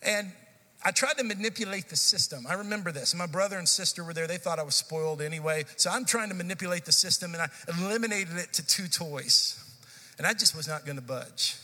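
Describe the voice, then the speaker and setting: A pastor in his forties preaches with a bright, forceful voice that sits a little high, telling stories in a lively, conversational way. His words ring out with the long reverb of a church sanctuary. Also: brisk. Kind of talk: sermon.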